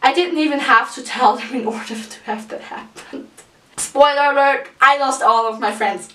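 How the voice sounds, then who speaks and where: A woman's voice: high-pitched, normal speed, sharp tone, a little hiss or hum. Chatty young woman, roomy. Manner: chatty, profane, lots of "like" fillers, laughs through it. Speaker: vlogger. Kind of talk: casual storytime vlog. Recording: roomy, mic at a distance.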